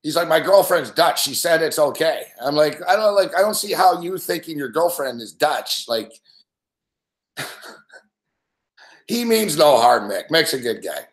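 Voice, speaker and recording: A man's voice: on the high side, lively intonation, unhurried, long pauses, echoey room. A man hosting a sports betting show live, ranting in a casual, profane, rambling way and laughing often. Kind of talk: casual live-stream rant.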